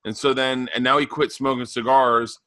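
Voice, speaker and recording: A man in his forties, a podcast guest telling animated stories in a raspy, loud voice. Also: medium pitch, moderate pace, no room sound. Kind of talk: casual chat.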